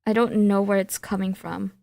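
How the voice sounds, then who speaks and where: A woman's voice: medium pitch, level tone, moderate pace, gravelly, darkish tone, faint music behind. A woman streaming a surreal game, reading its text aloud and chatting in a playful, rambling way. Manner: playful, rambling with fillers and restarts.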